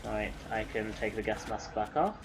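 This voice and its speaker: A man's voice: on the low side, normal speed, gravelly, noisy background. An English man giving rambling, casual commentary while streaming a video game, swearing now and then. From England.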